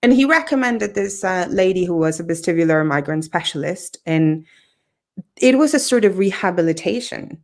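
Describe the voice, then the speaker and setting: A woman guest on a podcast, telling a personal story in a lively, conversational way and acting out what others said. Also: on the low side, normal speed. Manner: animated, acts out quoted dialogue, laughs often.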